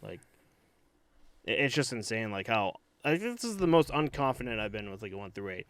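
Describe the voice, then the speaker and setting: Guy cohosting a podcast, rambly and unsure, lots of likes, smooth clear voice, dry sound. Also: on the low side, sing-song, brisk, a bit bright, no room sound. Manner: rambling and hesitant, heavy on "like" and restarts. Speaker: podcast co-host. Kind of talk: casual sports chat.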